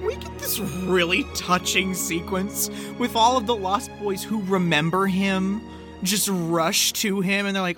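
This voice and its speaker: A woman co-hosting a movie podcast in casual chat, chatty and quick to joke and agree. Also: mid-range voice, a bit bright, faint music behind. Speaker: podcast co-host.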